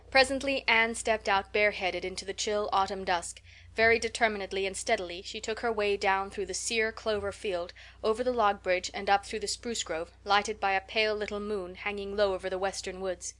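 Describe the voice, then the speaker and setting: Brief: female audiobook narrator, clear and measured. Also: medium pitch, fairly bright tone. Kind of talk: scripted narration.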